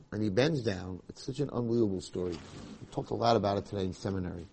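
Husky-voiced man telling a story. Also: lowish voice, fast. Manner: lively, conversational storytelling. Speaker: Torah teacher. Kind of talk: storytelling in a class.

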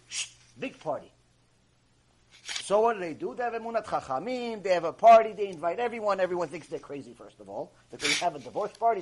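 A man teaching a religious lecture, emphatic and animated, telling stories and repeating points for effect. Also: high-pitched, slightly rough. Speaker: rabbi teaching a lecture series.

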